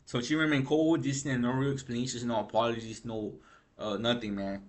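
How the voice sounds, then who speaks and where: A man's voice: mid-range voice, flat delivery, brisk. Rambling, profane young man ranting about gaming. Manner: rambling, profane, frustrated, with slang like "bro" and "man". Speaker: gaming news commentator. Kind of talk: casual gaming news rant.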